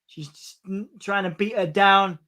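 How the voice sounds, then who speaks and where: A man's voice: high voice, fairly even intonation, pushed and bright. A man co-hosting a casual wrestling watch-along, stammering into restarts and calling the moves as they happen. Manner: stammering restarts, quick play-by-play calls. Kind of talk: casual chat with live commentary.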